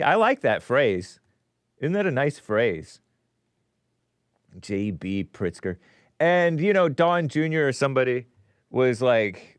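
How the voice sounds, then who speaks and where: A man's voice: mid-range voice, lively intonation, unhurried, clean tone, no room sound. Sarcastic male talk-show host. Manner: sarcastic, mocking asides. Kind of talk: live-stream commentary show.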